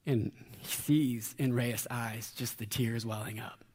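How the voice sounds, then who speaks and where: A man preaching a sermon as a pastor, conversational with dramatic pauses and quoted voices. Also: medium pitch, steady tone, darkish tone. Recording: long hall reverb.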